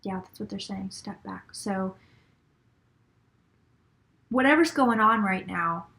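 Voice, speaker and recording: A woman's voice: mid-range voice, slow, vocal fry, pushed and bright. A middle-aged woman giving a channeled psychic reading, relaying messages in repeated phrases and sometimes dropping to a whisper. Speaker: psychic reader.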